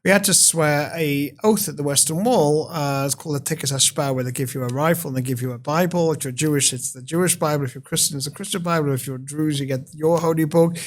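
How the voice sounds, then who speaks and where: A man's voice: fairly high pitch, fast, few pauses. A British man in his fifties, talking as an interview guest with passion and eloquence. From United Kingdom. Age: 50s. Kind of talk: interview conversation.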